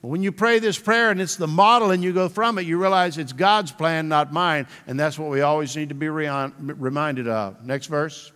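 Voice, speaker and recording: Male pastor, conversational sermon delivery with slow emphatic repeats, higher register, long hall reverb. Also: a bit bright, smooth.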